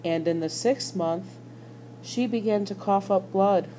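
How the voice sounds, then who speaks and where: A woman reading a children's novel aloud, slow and gentle. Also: mid-range voice, slight background noise, poor audio. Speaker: school staff reader.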